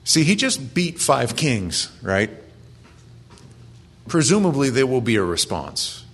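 A man's voice: medium pitch, sing-song, takes it slowly, fairly bright tone, slightly rough. A man preaching a conversational sermon, earnest and plain-spoken as he quotes and explains scripture.

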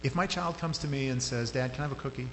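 A man's voice: medium pitch, fast talker. Guy preaching, chatty sermon, echoey hall w/ faint hum behind. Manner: conversational, rises sharply when animated. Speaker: pastor.

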